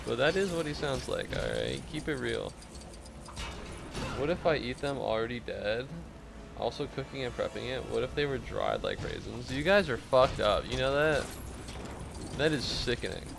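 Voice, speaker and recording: A man streaming a game and chatting with viewers in a casual, deadpan, mock-serious way, with some swearing. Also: mid-range voice, moderate pace, creaky. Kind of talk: casual gameplay chat with viewers.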